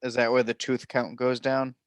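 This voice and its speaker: A man co-hosting a podcast in casual chat, dropping quick joking asides. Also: mid-range voice, level tone, clear, resonant tone, no room sound. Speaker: podcast co-host.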